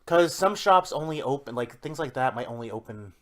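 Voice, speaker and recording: A man's voice: medium pitch, expressive, fairly quick. A man co-hosting a podcast in casual chat, rambling and restarting as he eagerly explains ideas. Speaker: podcast co-host.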